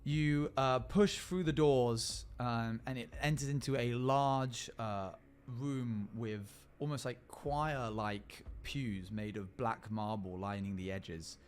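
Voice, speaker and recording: A man's voice: mid-range voice, fairly even intonation, a little hiss or hum. A man narrating a role-play game as a streamer, with frequent halts and fillers. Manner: halting, filler-heavy narration.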